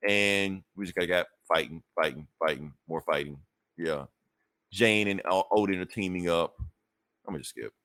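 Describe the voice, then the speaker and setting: A man's voice: low voice, normal speed, fairly bright tone, dry recording, studio quality. A man hosting a podcast, casually recapping a comic book in a loose, rambling way with swearing and self-corrections. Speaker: podcast host.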